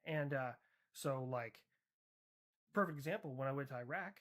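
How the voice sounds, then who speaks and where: A man's voice: medium pitch, normal speed, fairly bright tone. A man streaming comedic role-play chat, talking in a sarcastic, profane, rambling way.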